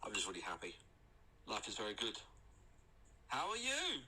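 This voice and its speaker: A man's voice: fairly low pitch, huge pitch swings, moderate pace, background noise. Cheerful man in a voice message. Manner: cheerful, rambling, slangy. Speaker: friend in a voice message.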